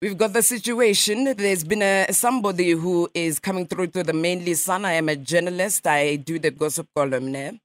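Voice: medium pitch, steady tone, moderate pace, few pauses, dry recording, close to an everyday voice. A radio host on a prank call, voicing a pushy, prying fake Russian gossip journalist with a put-on Russian accent and mocking questions.

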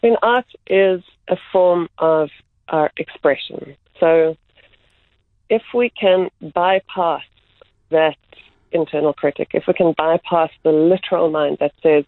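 Interview guest: woman, art facilitator, thoughtful and deliberate, tinny phone-line sound, dry. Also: deep voice, dry recording. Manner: measured, slows down on key words. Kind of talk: reflective interview answers.

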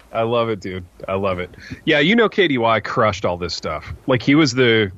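A man co-hosting a podcast in casual chat, laid-back and quick to laugh. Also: mid-range voice, sing-song, fairly bright tone. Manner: laid-back, says "dude" a lot, laughs easily. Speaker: podcast co-host. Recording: dry, slightly dull audio.

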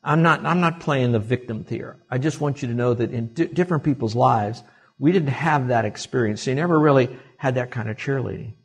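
A male pastor delivers a sermon to a church congregation in a husky, somewhat breathy voice at a middle pitch. He moves from soft, confiding asides to loud, emphatic peaks. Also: brisk.

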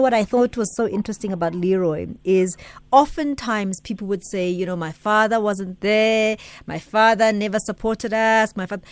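A woman hosting a radio phone-in, talking in a measured, reflective way. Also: fairly low pitch, a little mellow. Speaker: radio talk show host. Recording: dry studio mic.

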